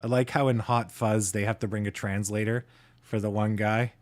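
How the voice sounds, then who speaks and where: A man from Canada hosting a casual livestream, chatting with his viewers in a relaxed way and chuckling often. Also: on the low side, moderate pace. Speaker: livestream host.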